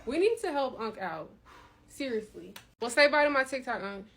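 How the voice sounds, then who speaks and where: A young woman with a high voice, big pitch swings, and vocal fry vlogs outdoors on city streets at a moderate pace. Holding her phone camera at arm's length, she talks straight to viewers in a chatty, emotional way over loud street noise.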